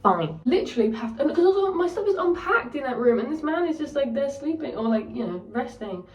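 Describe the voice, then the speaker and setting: A woman's voice: high-pitched, animated, brisk, distant mic, dull audio. A young woman casually telling a story, candid and sweary, ranting. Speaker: vlogger. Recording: roomy echo, voice set back from the mic.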